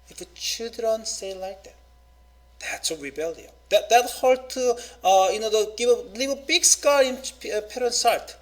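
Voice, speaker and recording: High-voiced man preaching a sermon. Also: lively intonation. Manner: halting, many fillers, rising emphatic quoting. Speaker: pastor.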